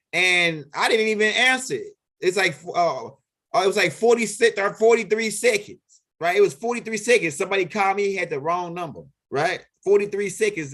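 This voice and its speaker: A man's voice: sits high, a bit bright. A man telling a story in a casual monologue, rambling, profane and full of repeats and restarts. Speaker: vlog host telling stories.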